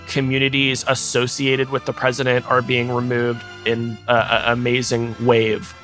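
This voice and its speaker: A man, a tech journalist, explaining events in a measured way as an interview guest. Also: mid-range voice, completely flat delivery, fairly bright tone, soft background music.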